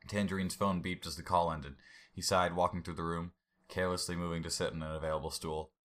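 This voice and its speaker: A man with a low voice reads a story aloud. Between passages he chats about it casually and laughs along. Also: little pitch movement, fast, a bit bright. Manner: casual, laughs while commenting.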